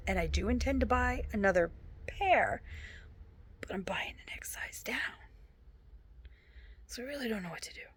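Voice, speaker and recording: A woman vlogger chatting casually about books and telling a funny story from work, often sliding into a whisper. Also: medium pitch. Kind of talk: casual chat.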